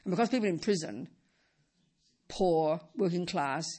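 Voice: mid-range voice, measured pace, darkish tone, husky. A middle-aged Buddhist teacher giving a dharma talk, emphatic and repeating key phrases.

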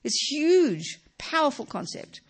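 A woman's voice: high voice, slow. Emphatic woman giving a dharma talk. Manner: emphatic, lively, asks rhetorical tag questions; frequent "you know" asides. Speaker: Buddhist teacher.

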